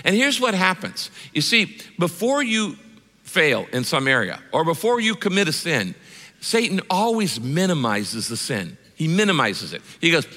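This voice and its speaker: A male pastor preaching a sermon in an animated, direct way, full of repeated words and questions to the listeners. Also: fairly high pitch, moderate pace, long reverb tail.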